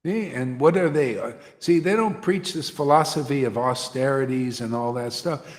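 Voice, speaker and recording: A man's voice: medium pitch, moderate pace. A man giving an informal devotional sermon, rambling and slangy, often stumbling and repeating words. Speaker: spiritual teacher. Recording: long hall reverb.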